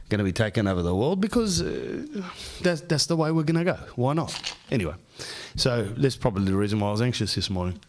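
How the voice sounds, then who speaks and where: Rambling, joking man in his forties. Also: on the low side. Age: 40s. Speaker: podcast host. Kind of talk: casual rambling monologue.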